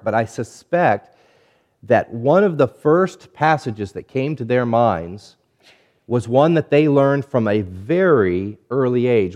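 A man preaching a sermon, measured and deliberate, stretching key words and letting phrases fall quiet at the end. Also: lo-fi sound. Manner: drops low and quiet at phrase ends. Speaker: pastor.

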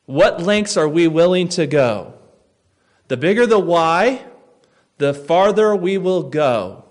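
A man preaching a sermon, telling stories and dropping to a near hush for tense moments before rising for emphasis. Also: fairly high pitch, expressive, slow. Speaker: pastor.

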